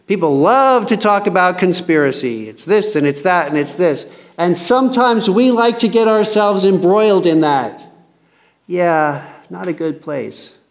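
A man giving an informal Bible teaching, chatting with his listeners and reading scripture slowly and with emphasis. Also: high-pitched, lively intonation.

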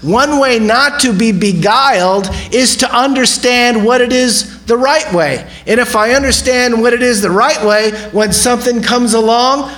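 A man's voice: extremely high pitch, a bit bright, rough recording. A man preaching a sermon in a conversational way, often asking the audience questions. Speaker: pastor.

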